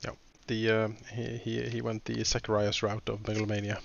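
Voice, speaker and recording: A man co-hosting a let's play, chatting casually with frequent laughs and halting restarts. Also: lowish voice, completely flat delivery, gravelly, highs cut off. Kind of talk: casual gaming chat.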